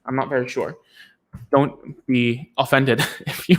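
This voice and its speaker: A man's voice: medium pitch, little pitch movement, moderate pace, a bit bright. A man, a speech therapist, teaching in a casual live session, chatty and self-deprecating with many fillers and restarts.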